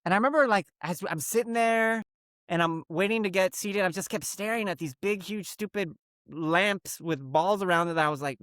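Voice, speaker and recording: A man co-hosting a comedy podcast, telling a long story in an animated, rambling, profane way. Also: high-pitched, moderate pace, dry recording, clean studio sound. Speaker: podcast co-host.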